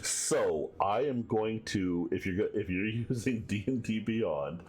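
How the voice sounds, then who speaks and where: A man's voice: fairly low pitch, lively intonation, unhurried, a little mellow. A man narrating a tabletop game as game master, loose and laughing, with many fillers.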